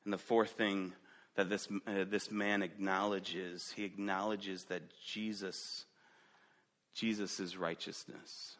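A man preaching a sermon who asks the congregation direct questions and moves between loud emphatic stretches and quiet ones. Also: deep voice, flat delivery, takes it slowly. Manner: dynamic preaching, rising loud then dropping to quiet. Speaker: pastor.

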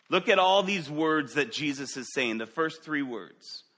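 A man delivers a sermon at a slow, deliberate pace, his voice bright and forceful. He keeps putting direct questions to the congregation, and his level swings between loud, emphatic passages and hushed, low ones. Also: animated. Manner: dynamic preaching, rising loud then dropping to quiet; asks the listeners direct questions. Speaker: pastor.

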